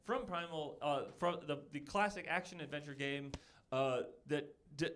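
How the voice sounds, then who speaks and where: A man's voice: on the high side, normal speed, a bit bright, slight background noise. A man hosting a stream, explaining things in a rambling, stop-start way. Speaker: streamer host. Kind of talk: casual chat.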